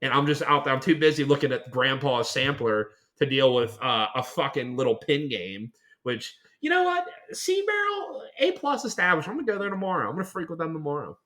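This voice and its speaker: A male podcast co-host with a Western Pennsylvania accent, talking in a loud, profane and joking way. His voice is bright and forward. He keeps dropping into quick impressions of other people. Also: fairly high pitch, sing-song. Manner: profane, boisterous, jumps into exaggerated impressions. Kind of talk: casual chat.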